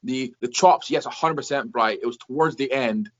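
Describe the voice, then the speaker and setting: A man's voice: mid-range voice, moderate pace. A man hosting a casual wrestling chat, rambling and swearing as he talks. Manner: profane, rambling, animated. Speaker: wrestling podcast host. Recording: dull lo-fi sound.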